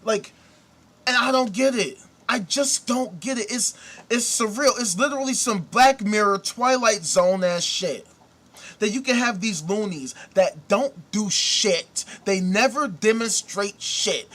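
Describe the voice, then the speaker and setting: A man's voice: high voice, a little slow, fairly bright tone. A man hosting a commentary show, ranting indignantly with profanity and repeated rhetorical questions. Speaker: host. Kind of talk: casual commentary rant.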